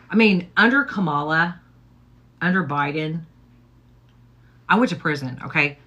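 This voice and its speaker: On her livestream, a middle-aged woman host gets ready while chatting casually, rambling and sprinkling in "okay?" and "like." Her low voice carries a bright, sharp edge, and she talks at a normal speed with frequent pauses.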